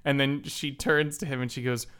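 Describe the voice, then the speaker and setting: Man, podcast co-host, bright forceful voice, clear, swearing, animated movie recap. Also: medium pitch, moderate pace. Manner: swearing, animated, acts out characters. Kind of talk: casual movie recap chat.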